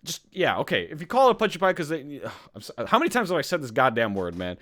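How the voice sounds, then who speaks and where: A man's voice: a little high, huge pitch swings, quick pace, pushed and bright. A young man from Canada hosting a casual live-streamed podcast, worked up and ranting with lots of swearing. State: sweating. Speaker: podcast host.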